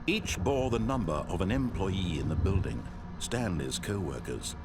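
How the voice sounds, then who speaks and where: A man's voice: low voice, sing-song, moderate pace, over loud music. A man voicing a grand, all-knowing storyteller narrator in a video game, with a dramatic, swelling delivery.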